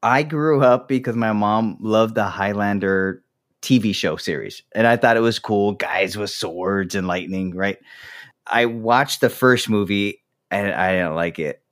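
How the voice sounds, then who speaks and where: A man's voice: fairly low pitch, a little slow. Ranting, profane male podcast host. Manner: ranting, profane, laughs often. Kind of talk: casual podcast chat.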